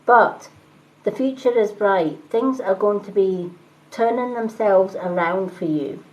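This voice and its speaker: A woman doing live-stream tarot readings, talking calmly and reassuringly and greeting viewers by name. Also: medium pitch, takes it slowly, rough recording. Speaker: tarot reader and medium.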